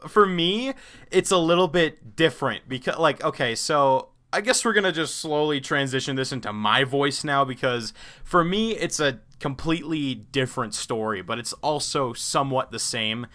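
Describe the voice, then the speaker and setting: Teen boy hosting a podcast, bright voice, pitch goes all over, lots of uhs. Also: expressive, moderate pace. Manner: rambling, with many fillers and restarts, mimicking others in a high voice. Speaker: podcast host. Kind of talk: casual chat.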